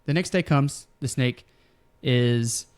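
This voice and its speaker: A man's voice: mid-range voice, slow pace, clear, resonant tone. Man, podcast host, casual, storytelling, loose fillers. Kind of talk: casual wrestling podcast chat.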